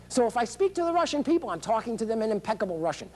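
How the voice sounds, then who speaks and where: A man's voice: high-pitched, very animated, fast talker, hardly any pauses, darkish tone, slight background noise. A middle-aged man giving a rambling, theatrical speech as a political candidate, dropping into phrases of other languages. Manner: rambling, theatrical, jumps between topics; breaks into foreign phrases. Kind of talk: public-access TV speech.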